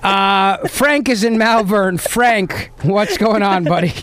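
A man's voice: high-pitched, slow pace, noisy background. A man hosting a call-in talk radio show, sarcastic and mocking as he takes calls. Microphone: studio mic.

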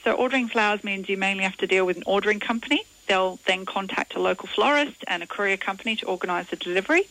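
A woman giving practical consumer advice in a radio interview, brisk and matter-of-fact. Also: mid-range voice, fairly bright tone, low-quality recording.

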